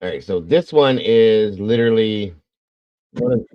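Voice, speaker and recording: A man's voice: on the low side, unhurried, no echo, dull audio. A man hosting a casual livestream, rambling and acting out the voices in his stories. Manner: rambling, animated storyteller acting out quotes. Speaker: true crime livestream host.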